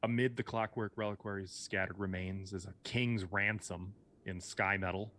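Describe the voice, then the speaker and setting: A man's voice: sits low, steady tone, moderate pace, fairly bright tone. A man narrating a tabletop game as game master, describing scenes with wry asides.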